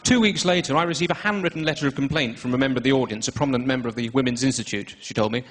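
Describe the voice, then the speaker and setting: Man, posh English accent, stand-up comedy, fast, dry self-mocking delivery, noisy live recording. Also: medium pitch. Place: comedy stage before a live audience.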